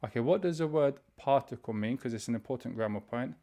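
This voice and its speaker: A man teaching an online beginner's language class, explaining grammar step by step and reading vocabulary slowly for students to repeat. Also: mid-range voice, dark tone. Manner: explains step by step, reads words slowly for repetition; frequent fillers and restarts, conversational. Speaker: Arabic teacher.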